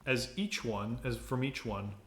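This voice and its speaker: A man's voice: mid-range voice, measured pace, a bit bright, echoey room. A man narrating as game master of a tabletop game, describing the scene in a loose, easygoing way with some laughter.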